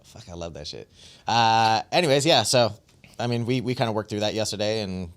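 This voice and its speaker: Deep-voiced laid-back man, swearing casually. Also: lively intonation, a little fast, clear, resonant tone. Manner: laid-back, swears freely, says man and bro a lot. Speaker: podcast host. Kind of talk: casual chat.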